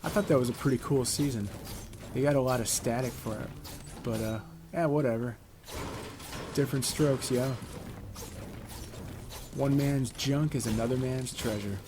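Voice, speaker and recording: A man's voice: mid-range voice, moderate pace, pauses often. A middle-aged man from Connecticut giving chatty, rambling, laid-back commentary while playing a video game. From Connecticut, USA. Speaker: gaming YouTuber. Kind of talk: casual gameplay commentary. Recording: clear background noise.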